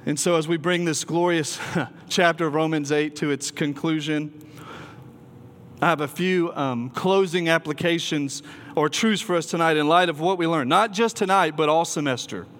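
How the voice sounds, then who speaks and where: Earnest preacher in a reverberant hall. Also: male voice, fairly high pitch, moderate pace, fairly bright tone. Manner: earnest, emphatic, with filler ums and restarts. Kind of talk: sermon.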